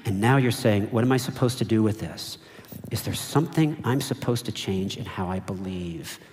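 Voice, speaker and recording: A man's voice: lowish voice, moderate pace, darkish tone, a little hiss or hum. A man preaching a sermon as pastor, emphatic and repeating key phrases, drawing the congregation in. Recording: long reverb of a large hall.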